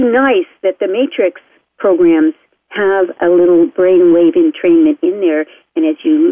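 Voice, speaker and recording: Woman host, quick and eager, tinny phone-line sound, dry. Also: fairly low pitch, no echo. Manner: fast-talking and enthusiastic. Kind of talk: casual talk-radio chat.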